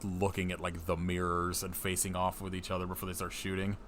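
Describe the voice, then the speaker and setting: A man with a very low voice hosts a loose podcast conversation. He laughs a lot and swears casually. A faint hum sits under him. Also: completely flat delivery, brisk, fairly bright tone. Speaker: podcast host.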